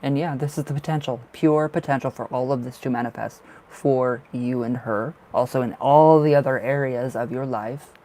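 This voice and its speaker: A man's voice: medium pitch, fairly even intonation, normal speed, dark tone. Chatty man doing live tarot readings. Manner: chatty, reassuring, emotional, lots of fillers. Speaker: tarot reader.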